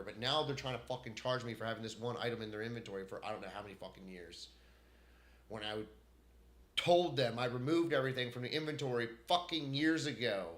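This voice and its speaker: A man ranting to camera in an unscripted solo vlog, profane and heated, swinging between loud outbursts and muttering. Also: fairly low pitch. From United States. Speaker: vlogger. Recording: echoey room.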